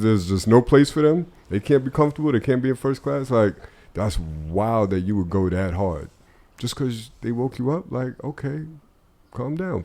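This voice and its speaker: Blunt, cussing man on a podcast. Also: mid-range voice. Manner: blunt, animated, swears freely. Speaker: podcast co-host. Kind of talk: casual podcast chat.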